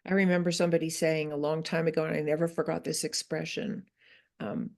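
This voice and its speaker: Low gravelly lady therapist explaining stuff thoughtfully on a podcast. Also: level tone, fairly quick, darkish tone. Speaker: therapist and author. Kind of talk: interview guest.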